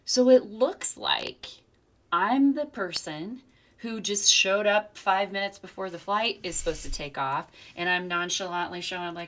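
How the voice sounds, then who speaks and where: A woman co-hosting a casual chat, telling a reflective personal story in an animated way and acting out the people in it. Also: medium pitch, a little slow. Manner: animated storyteller, reflective, acts out quoted voices. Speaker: podcast co-host.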